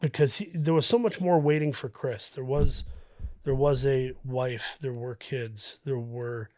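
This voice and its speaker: A man, a guest on a podcast, speaking reflectively with many pauses and restarts. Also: medium pitch, darkish tone, dry recording, clean studio sound. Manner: thoughtful, halting with fillers and restarts. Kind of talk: reflective casual conversation.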